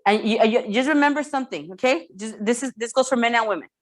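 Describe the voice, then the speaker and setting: High-voiced woman coaching real estate agents. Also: quick pace. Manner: energetic, repeats words, asks the room for checks. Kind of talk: sales training talk.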